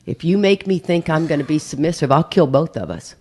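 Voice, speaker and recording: A woman's voice: deep voice, fairly quick, a little hiss or hum. A woman speaking at a recovery meeting, telling a humorous personal story with lots of laughter and acted-out voices. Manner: animated, laughs often, acts out others' voices.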